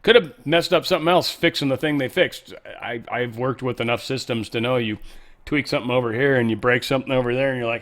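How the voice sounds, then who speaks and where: A man's voice: mid-range voice, brisk, fairly bright tone. A man hosting a podcast, talking through the news in a rambling, offhand way and correcting himself as he goes. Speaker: podcast host. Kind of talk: casual political commentary monologue.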